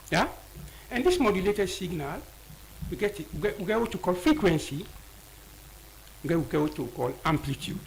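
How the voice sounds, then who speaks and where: A man's voice: high voice, vocal fry, slight background noise, poor audio. A man with a Sierra Leonean Krio accent, an audiologist explaining ear health as a guest in a radio studio, often repeating key words.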